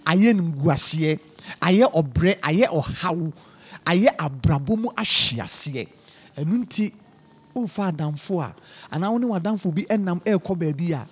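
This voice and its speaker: A man's voice: high-pitched, darkish tone, husky. A man with a Ghanaian accent hosting an interview, giving advice and moral lessons before questioning his guest. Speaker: talk show host.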